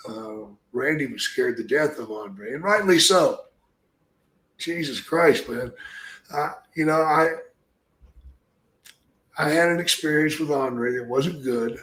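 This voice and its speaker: A man's voice: a little high, slow, long pauses, a bit bright, reverberant, rough recording. Profane older man telling stories. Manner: profane, blunt storytelling. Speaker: podcast host, former wrestler. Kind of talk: casual storytelling.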